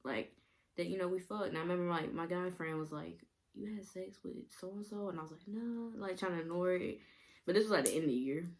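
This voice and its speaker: Young woman, vlogger, rambling casual storytime, frequent laughs, filler words, fry in voice. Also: on the low side, fast talker.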